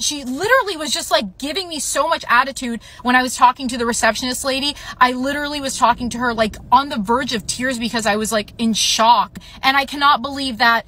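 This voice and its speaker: A woman's voice: high-pitched, brisk, few pauses, bright, forceful tone. A young woman telling an upsetting personal story in a casual storytime vlog, full of "like" fillers.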